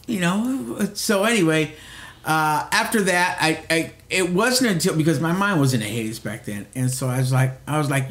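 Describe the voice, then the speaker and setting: Middle-aged male podcast co-host, rambling and profane storyteller, slightly higher voice, echoey room. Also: moderate pace, fairly bright tone. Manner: rambling storyteller, frequent restarts and swearing. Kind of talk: casual chat.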